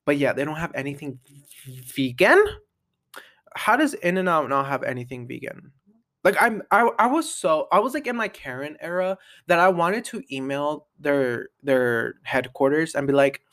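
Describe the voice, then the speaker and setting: A man's voice: on the high side, very animated, normal speed, fairly bright tone. A young adult man hosting a casual solo podcast, rambling and chatty, full of "like" and restarts. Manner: rambling, chatty, heavy use of "like", many restarts. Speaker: podcast host.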